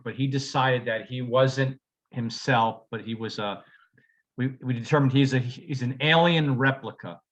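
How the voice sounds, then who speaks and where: Bright-voiced man telling rambling stories. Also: medium pitch, muffled recording. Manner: rambling storyteller, laughs often, restarts. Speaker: podcast co-host, teacher. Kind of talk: casual chat.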